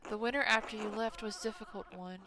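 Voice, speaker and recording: A woman voices a tired, bitter peasant father from a story game, reading his lines aloud. He sounds grim and resentful about hard years. A steady background hiss runs under the voice. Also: mid-range voice, fast, close to an everyday voice. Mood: weary. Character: weary bitter middle-aged peasant father.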